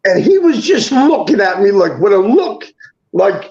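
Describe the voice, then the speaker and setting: A man on a talk show, retelling a painful family story in a rapid, halting way, restarting lines and acting out what each person said. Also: high-pitched, big pitch swings, darkish tone. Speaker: guest telling a personal story. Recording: dull lo-fi show audio.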